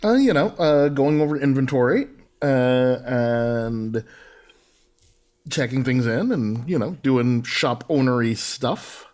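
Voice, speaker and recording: A man's voice: mid-range voice, expressive, slow, darkish tone. A man playing a tabletop game, answering the game master in an easygoing way. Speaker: player. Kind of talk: casual tabletop play.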